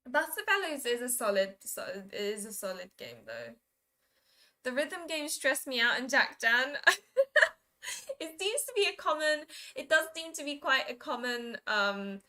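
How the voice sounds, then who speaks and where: A young woman hosts a relaxed live stream, laughing easily and answering her chat. Her voice sits a little high and rings bright and clear. She trips over words and tries out pronunciations with playful giggles.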